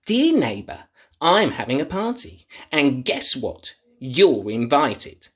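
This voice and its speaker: A man voicing a small, cheeky male troll in a bright, sing-song storybook voice. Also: mid-range voice, very animated, takes it slowly, husky, heavily acted.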